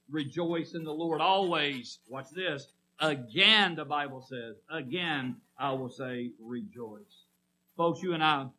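Folksy preacher man, bright voice. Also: a little high, poor audio. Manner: folksy, asks the congregation questions. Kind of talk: sermon.

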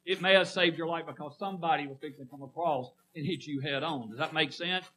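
Preacher guy, middle-aged, folksy sermon, fairly high bright voice, keeps asking the church questions. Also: quick pace, slightly rough, low-quality recording. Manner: folksy, asks the congregation questions.

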